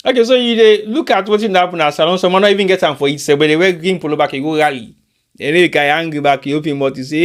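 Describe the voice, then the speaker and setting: Man, Sierra Leonean Krio-inflected English accent, high voice, rhetorical commentary, repeats catchphrases. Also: a little fast, a bit bright, clean tone. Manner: rhetorical, repeats catchphrases, asks listeners questions. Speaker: host of a live online show.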